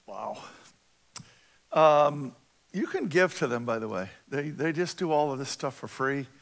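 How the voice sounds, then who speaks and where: A man's voice: a little high, lively intonation, measured pace, vocal fry. A middle-aged man preaching a conversational sermon as a pastor, often checking in with his listeners with questions.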